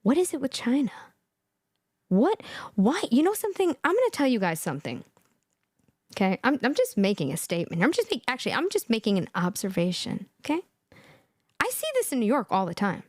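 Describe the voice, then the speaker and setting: A woman's voice: a little high, very animated, fairly quick, no echo, studio quality. A woman hosting a live stream and giving reaction commentary, laughing often, repeating herself, incredulous.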